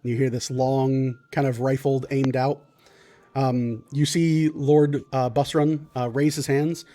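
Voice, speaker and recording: Mellow-voiced male game master. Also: mid-range voice, level tone, slow, soft background music. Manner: descriptive narration with frequent ums and restarts. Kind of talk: narrating a tabletop game.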